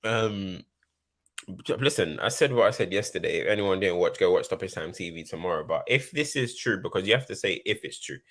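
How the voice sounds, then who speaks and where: A man's voice: low-pitched, expressive, fairly quick, fairly bright tone. A man co-hosting a casual football chat, laid-back and slangy, pressing his points with asides. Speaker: football pundit co-host.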